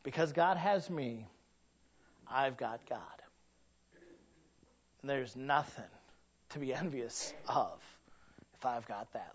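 A man's voice: medium pitch, slow, long pauses, husky, lo-fi sound. A man preaching a sermon in a conversational way, asking rhetorical questions and building to emphatic peaks. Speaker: pastor.

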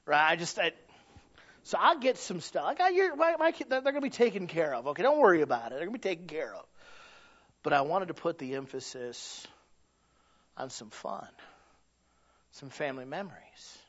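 A man's voice: fairly high pitch, sing-song, fairly quick, long pauses, a bit bright, dull audio. A man preaching a sermon in a conversational way, asking rhetorical questions and building to emphatic peaks. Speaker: pastor.

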